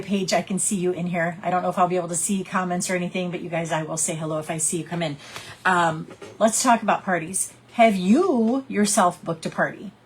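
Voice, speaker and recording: A woman's voice: medium pitch, husky, poor audio. A woman coaching her sales team in a casual, chatty talk, encouraging them and acting out little scenes. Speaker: direct sales team leader.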